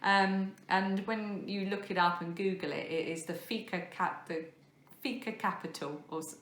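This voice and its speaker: A woman's voice: mid-range voice, fairly even intonation, normal speed, fairly bright tone. A woman in her thirties hosting a craft podcast, chatting casually and rambling with lots of fillers and self-deprecating asides. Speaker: podcast host. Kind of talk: casual chat showing crafts to camera. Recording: echoey room.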